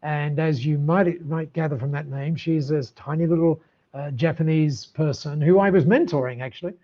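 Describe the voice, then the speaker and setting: An older man, a podcast guest, telling stories in an animated way with many restarts and laughs. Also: a little high, normal speed, muffled recording. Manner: animated, warm storyteller with frequent restarts and laughs. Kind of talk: storytelling in an interview.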